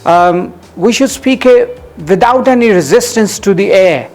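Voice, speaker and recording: A man with an Indian English accent explains pronunciation in a high, light voice, often pausing on ums and uhs. He takes his time and stops to demonstrate sounds like a patient teacher. Faint music sits under his voice. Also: animated, a little mellow. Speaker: English and IELTS coach. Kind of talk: interview answers, teaching pronunciation.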